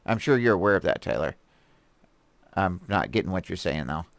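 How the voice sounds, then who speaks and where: A man hosting a stream and reading articles aloud, rambling and animated, with many fillers, restarts and laughs. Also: low-pitched, normal speed, gravelly, no room sound. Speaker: host reviewing articles. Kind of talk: casual commentary on a live stream. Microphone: desk mic with a stream deck.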